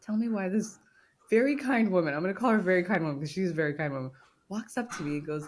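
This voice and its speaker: This podcast co-host talks fast in a mid-range voice. Her casual storytelling is animated, and she plays out the quotes.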